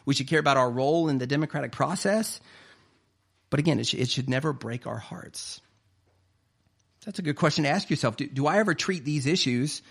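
A man preaching a conversational sermon, often asking "right?" and restarting his words. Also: medium pitch. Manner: conversational preaching, frequent "right?" tag questions and repeated starts. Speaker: pastor.

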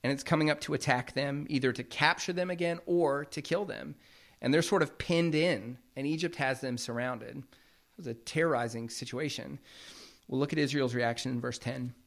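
A man's voice: mid-range voice, moderate pace, vocal fry, a bit bright. A man preaching a sermon as pastor, explaining scripture in a plain, conversational way.

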